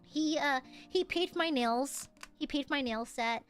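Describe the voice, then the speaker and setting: A woman's voice: high voice, normal speed, faint music behind. A young woman streamer in casual chat, rambling and laughing often. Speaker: VTuber streamer.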